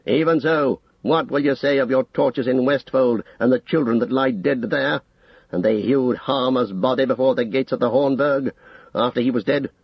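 Aging king, stern and defiant, gravelly, male reader, dry lo-fi audiobook. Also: mid-range voice, dry recording. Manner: slow, weighty, accusing declarations.

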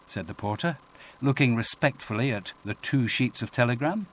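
A man narrating an audiobook in a measured, expressive reading voice. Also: mid-range voice. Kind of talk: scripted narration.

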